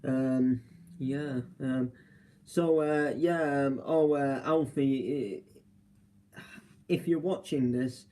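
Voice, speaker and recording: Rambling young Englishman, mellow voice. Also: medium pitch, steady tone, extremely slow, long pauses, low-quality recording. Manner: rambling, with many fillers and restarts. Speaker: live streamer. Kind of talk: casual chat. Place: hotel room.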